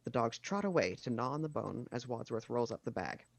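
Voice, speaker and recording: A man narrating the stage directions of a screenplay at a casual video-call table read, with steady reading and dry asides. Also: mid-range voice, a little fast, gravelly, no room sound.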